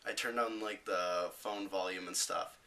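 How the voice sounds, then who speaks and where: A teenage boy vlogging, casually telling a story with rambling fillers and animated retellings. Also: sits low, measured pace, distant mic, poor audio.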